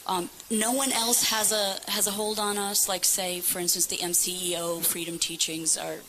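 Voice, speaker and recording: A woman's voice: mid-range voice, little pitch movement, moderate pace, bright, forceful tone, slight background noise, low-quality recording. Hesitant woman asking a question. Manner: hesitant, searching, with many fillers. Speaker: audience member asking a question. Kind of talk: live Q&A.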